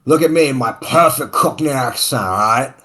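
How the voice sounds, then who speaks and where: A man's voice: mid-range voice, normal speed, pushed and bright, lightly acted. A man putting on an exaggerated mock Cockney accent as a swaggering bloke giving advice.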